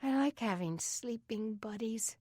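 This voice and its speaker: A woman doing a soft breathy teenage girl. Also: on the high side, unhurried, no echo, clean studio sound, voice pushed up. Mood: sleepy.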